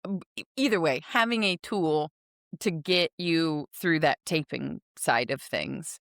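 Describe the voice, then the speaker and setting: A woman's voice: deep voice, unhurried, a bit bright, no echo, clean studio sound. A woman hosting a podcast, talking in a chatty, rambling way and laughing easily. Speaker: podcast host. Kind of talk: casual interview chat.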